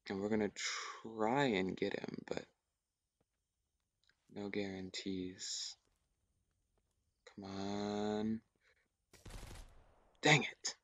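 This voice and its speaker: A young man in casual gameplay commentary, thinking aloud in a hushed, often whispered voice, repeating himself as he works things out. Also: on the low side. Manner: thinks aloud, repetitive and tentative. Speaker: gaming YouTuber.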